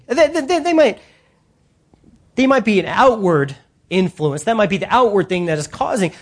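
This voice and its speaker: A preacher delivering an animated sermon with emphatic, direct appeals to the congregation. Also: medium pitch.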